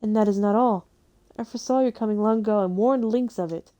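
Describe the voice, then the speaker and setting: A woman voicing a gentle, mournful female spirit in a mirror, speaking slowly and mysteriously in a husky alto. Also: medium pitch, close to an everyday voice.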